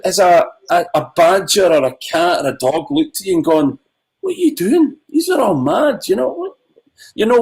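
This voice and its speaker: A man's voice: sits high, poor audio. A middle-aged man on a video call, a filmmaker ranting with passion in a livestream Q&A. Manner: impassioned ranting, animated. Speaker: filmmaker guest.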